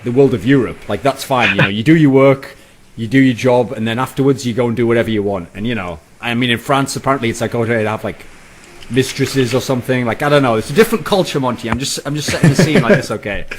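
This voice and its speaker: A man's voice: mid-range voice, quick pace, slight background noise. A young British man hosting a casual chat show, rambling and profane, mocking others and slipping into silly voices. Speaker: podcast host.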